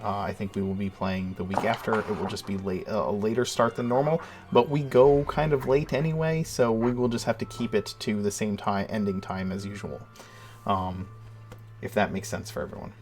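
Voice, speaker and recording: A man's voice: lowish voice, fairly even intonation, moderate pace, a little mellow, faint music behind. A man running a tabletop game as dungeon master, talking casually and easygoing, with fillers. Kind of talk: casual live-stream game talk.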